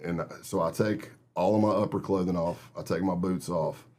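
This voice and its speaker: A man's voice: deep voice, fairly even intonation, normal speed, darkish tone, slight background noise. A middle-aged man from Texas, a guest telling vivid stories in a casual interview and acting out other people's lines. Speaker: guest, retired FBI agent.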